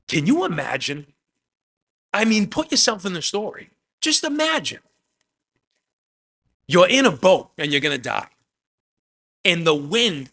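Bright-voiced man preaching a lively sermon. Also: fairly high pitch, gravelly. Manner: animated storytelling, repeated "man", swings from soft to loud. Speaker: pastor.

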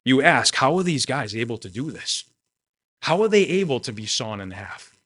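A man's voice: medium pitch, sing-song, normal speed, a bit bright, breathy edge. Earnest man preaching a sermon. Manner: earnest, emotional, tearful at moments.

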